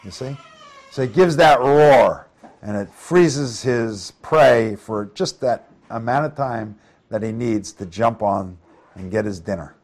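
A man's voice: mid-range voice, slow pace. A middle-aged man leading a Bible study, reading verses aloud and explaining them in a casual, conversational way with questions to the listeners. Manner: reads scripture aloud then explains it conversationally, asks the group questions. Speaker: preacher.

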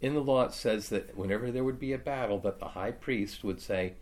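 A man's voice: mid-range voice, fairly quick, a little mellow. A man teaching a Bible study, reading scripture aloud and then explaining it casually.

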